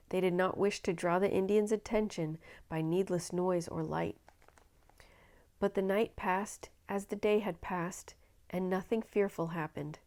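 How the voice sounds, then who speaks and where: Expressive woman reading a children's book aloud. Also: on the low side. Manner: expressive, dramatic. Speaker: storyteller.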